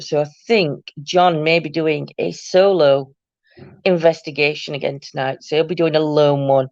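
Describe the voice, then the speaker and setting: A woman's voice: deep voice, no echo. A chatty woman hosts her live stream from home, bantering with viewers and laughing easily. Her voice comes through a webcam mic, dry and a little muffled. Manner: chatty and bubbly, laughs often, teasing. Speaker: host of a paranormal live stream. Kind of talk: casual live-stream chat, reading out viewer comments.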